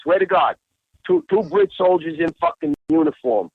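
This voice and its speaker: A man's voice: on the high side, lively intonation, normal speed, no echo. A man telling a rambling, profanity-laced story as a guest on a casual talk podcast. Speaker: guest, bar owner. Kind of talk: casual phone-in chat. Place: Bangkok, Thailand. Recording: dull lo-fi podcast audio.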